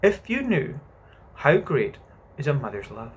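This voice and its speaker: A man's voice: on the high side, big pitch swings, a little slow, a little hiss or hum, full character voice. A man voicing a motherly young girl telling a bedtime story, coaxing and patient, sighing at interruptions. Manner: gently coaxing, sighs at interruptions.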